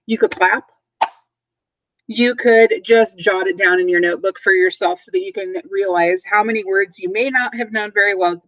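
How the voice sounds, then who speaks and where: Lower-pitched teacher woman, dry close sound. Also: no room sound, low-quality recording. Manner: clear teacherly delivery, spells words letter by letter. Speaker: third grade teacher. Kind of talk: recorded vocabulary lesson.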